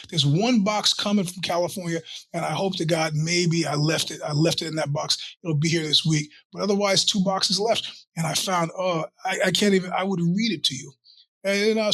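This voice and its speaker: A man's voice: on the high side, a bit bright, husky, no echo. A man hosting his own podcast, talking in a rambling, profane, self-interrupting monologue. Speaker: podcast host. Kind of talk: casual monologue.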